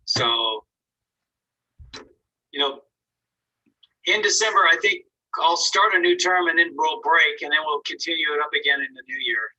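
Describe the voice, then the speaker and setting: A man's voice: a little high, normal speed, long pauses, sharp tone, breathy edge, recorded from a distance, poor audio. A man teaching an online painting class, giving casual, encouraging critiques of students' work and thinking aloud as he goes. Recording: voice from away from the mic.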